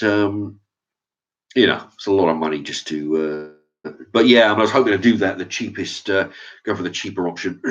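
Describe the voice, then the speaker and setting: A man ranting casually to camera as a vlogger, swearing often and stumbling over restarts. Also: deep voice. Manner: profane, rambling, with stammered restarts. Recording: dull lo-fi sound.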